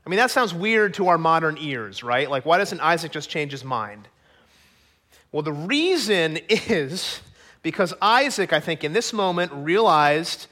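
High-voiced, bright preacher telling a story. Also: male voice. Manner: dramatic storytelling with rhetorical questions. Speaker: pastor. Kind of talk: sermon.

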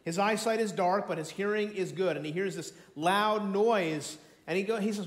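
Male pastor, high voice, theatrical storyteller, echoey sanctuary sound. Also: normal speed, hardly any pauses. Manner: dramatic storytelling, acts out voices, swings from shouts to near whispers. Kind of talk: sermon. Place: church sanctuary. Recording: echoey church room.

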